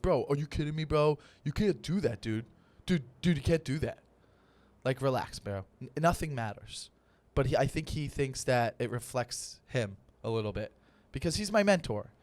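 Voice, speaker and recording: A man hosting a comedy podcast alone, ranting in a mock-motivational coach style with lots of swearing. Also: mid-range voice. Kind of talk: solo comedy podcast rant.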